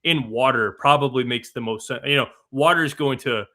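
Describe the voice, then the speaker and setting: Bright-voiced, opinionated young man. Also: mid-range voice. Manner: emphatic, opinionated, fast rants. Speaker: co-host analyst. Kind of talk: casual sports betting chat.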